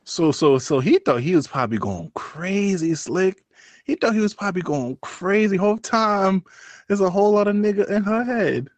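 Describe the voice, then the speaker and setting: A man's voice: sits high, lively intonation, normal speed, no room sound. A man hosting a podcast, teasing and asking frank questions in casual banter. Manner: teasing, laughing question-asker. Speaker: podcast host.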